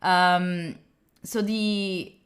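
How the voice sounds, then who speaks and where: A woman's voice: on the low side, drawn-out words. Chatty Italian-accented woman streamer. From Italy. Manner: chatty and animated, laughs often, reads chat aloud. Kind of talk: casual livestream chat with viewers.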